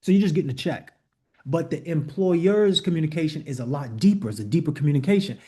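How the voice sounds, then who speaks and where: Here the coach sounds fast and expressive, his dark voice pitched on the high side. Running a leadership call online, he gives the group blunt, emphatic motivational teaching built on repeated rhetorical questions and direct commands.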